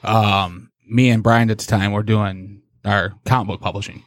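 Animated man telling a spooky story. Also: on the low side, no echo, clean studio sound. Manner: animated storyteller acting out quotes in menacing slow voices. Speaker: podcast guest. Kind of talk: casual storytelling.

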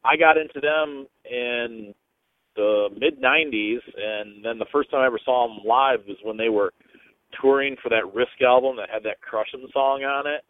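A man's voice: mid-range voice, normal speed, no room sound. A man leaves a loose, rambling voicemail, drifting from thought to thought with plenty of ums. The sound is thin and phone-like, dry with no room around it. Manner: casual, rambling, many ums. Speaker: voicemail caller. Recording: tinny phone line, dry.

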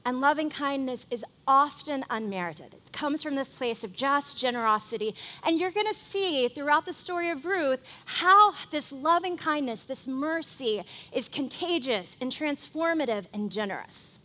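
Woman pastor, high voice, bright tone, chatty animated sermon. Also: normal speed. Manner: conversational and animated, heavy use of "like".

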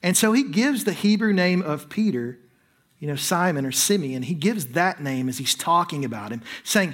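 A man's voice: on the high side, animated, normal speed, fairly bright tone. A man preaching a sermon, explaining scripture in a conversational way and often checking in with the congregation. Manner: conversational preaching with frequent "right?" asides. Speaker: pastor.

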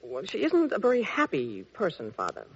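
An actor playing an embarrassed young prince in an old radio play, hesitant and apologetic. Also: male voice, high voice, huge pitch swings, normal speed, a bit bright, a little hiss or hum, exaggerated voice. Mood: awkward. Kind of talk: 1940s radio acting. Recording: muffled old radio recording.

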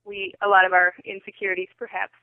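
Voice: medium pitch, level tone, quick pace, no room sound. A podcast co-host in casual chat, teasing playfully. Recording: tinny phone line.

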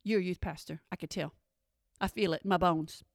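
A woman's voice: fairly low pitch, steady tone, a little fast, dry recording. A woman doing stand-up comedy, sassy, with dry asides. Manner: sassy, dry asides, drops into mimicked voices.

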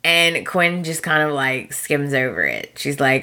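A woman's voice: sits low, big pitch swings, unhurried, bright, forceful tone. A woman podcast host casually recapping a soap opera episode, chatty and storytelling, acting out bits of dialogue with little chuckles.

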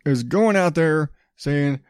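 A man's voice: fairly high pitch, lively intonation, slow, a little mellow, clean tone, dry recording, studio quality. Blunt, profane podcast host man. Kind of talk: casual ranting commentary.

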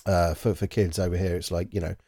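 A man chatting casually as a podcast co-host, animated and joking, with frequent restarts. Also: low-pitched, fast, husky, no room sound, clean studio sound. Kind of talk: casual chat.

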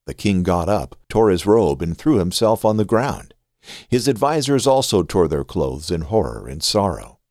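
A man hosting a podcast and reading scripture aloud in an expressive, scripted way. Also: sits low, moderate pace, no echo, studio quality. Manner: expressive reading with a lively rise and fall.

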